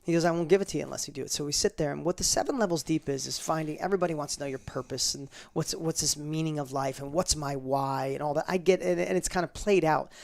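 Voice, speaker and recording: Fast-talking, gravelly middle-aged man. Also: a little high, fairly even intonation. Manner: fast, emphatic, acts out quoted dialogue, repeats words. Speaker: guest telling a personal story. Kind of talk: animated interview storytelling.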